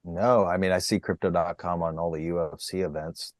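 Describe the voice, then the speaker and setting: Man, comedian guest, deadpan, low voice, dry close recording. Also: brisk, no room sound. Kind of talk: casual chat.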